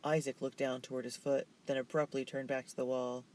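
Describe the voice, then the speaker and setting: A man narrating a children's novel in a steady, measured way. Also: mid-range voice, low-quality recording. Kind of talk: reading a children's novel aloud.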